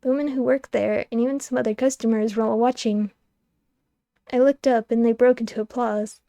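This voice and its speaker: Young woman, streamer, narrating a game, wry, lively, mellow tone, dry close mic. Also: on the high side, a little fast, creaky, dry recording. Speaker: streamer reading a game aloud. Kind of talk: expressive narration of a game's text.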